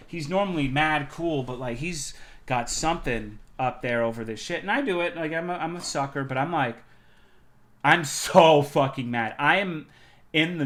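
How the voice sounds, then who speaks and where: A man streaming, telling a heated story about his day in a casual, profane, animated way. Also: fairly high pitch.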